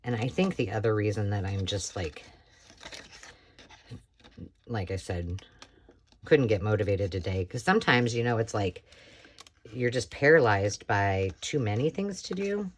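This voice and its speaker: A middle-aged American woman with a slightly hoarse voice, chatting casually while making a craft project. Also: extremely low pitch, expressive, measured pace, pauses often, a little hiss or hum. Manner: chatty, rambling, self-talk while working. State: slightly hoarse, frog in throat. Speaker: crafting tutorial host. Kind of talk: casual craft tutorial chat.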